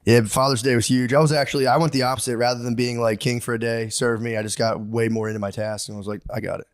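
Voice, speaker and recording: Fast-talking man in casual podcast chat. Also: medium pitch, flat delivery, dry recording, clean studio sound. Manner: rambling, acts out quoted voices, swears freely. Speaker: podcast co-host.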